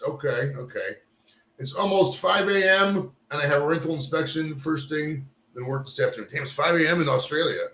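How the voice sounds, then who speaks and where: His voice sits on the high side, bright and forceful, at a moderate pace. Hosting a laid-back live show, he tinkers with his camera gear on air, rambling profanely in a room with noticeable echo.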